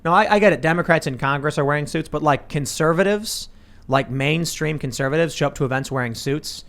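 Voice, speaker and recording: A man talking quickly and with energy on a podcast panel. His voice sits a little high, and he rattles along in casual political chat. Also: creaky. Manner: fast, animated, mimics voices in quotes. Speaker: podcast co-host.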